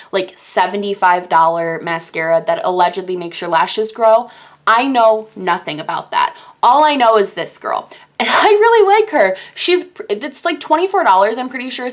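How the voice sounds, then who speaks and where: Young woman, beauty vlogger, casual chat, gushing, excitable, mid-pitched voice. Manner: gushing, animated, quick bursts of enthusiasm. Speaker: beauty YouTuber. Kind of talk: casual product review.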